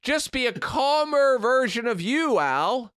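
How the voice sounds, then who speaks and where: A man's voice: very high-pitched, very animated, slow, a bit bright, clear, resonant tone, no room sound, clean studio sound. A man co-hosting a podcast remotely, giving opinionated, profane rants in casual chat. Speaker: podcast co-host. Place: remote recording.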